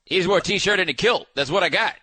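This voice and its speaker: A man hosting a sports talk show, riffing in a casual, animated way with frequent restarts. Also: high-pitched, fast, husky, no echo.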